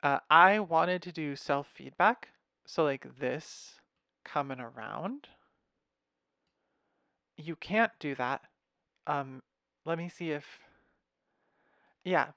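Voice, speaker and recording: A young man casually walking through his music software patch, thinking aloud with fillers and wry asides, recorded at his computer. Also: on the high side, lively intonation, takes it slowly, gravelly, long pauses, no room sound. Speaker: music software tutorial host. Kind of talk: casual screen-share walkthrough.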